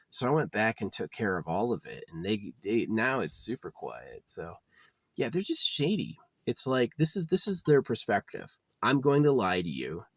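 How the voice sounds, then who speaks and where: A man's voice: on the low side, no echo. A man on a profane, agitated ranting monologue, often repeating himself. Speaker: vlogger.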